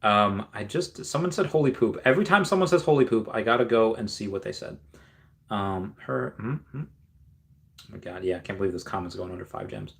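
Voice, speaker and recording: A man with a lowish, gravelly, fairly bright voice hosts a casual livestream at a normal pace with lively intonation. He rambles, restarting often and using fillers, and reads viewer comments aloud before reacting to them.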